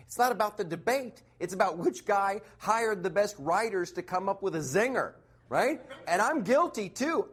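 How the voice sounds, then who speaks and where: A man from the United States runs a sarcastic stand-up monologue, often chuckling at his own punchlines. His voice sits a bit high and swoops widely up and down. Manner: animated, sarcastic, laughing at his own jokes. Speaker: comedian.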